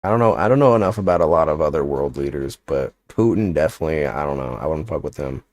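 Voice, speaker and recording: A man's voice: rumbling low, expressive, quick pace, a little mellow, dry recording. A young man chatting casually on a livestream, rambling and joking with lots of filler words. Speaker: streamer.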